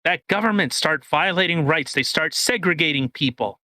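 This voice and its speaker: Male co-host, bright edgy tone, profane and animated. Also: a little high, normal speed, dry recording. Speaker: podcast co-host. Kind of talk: casual chat.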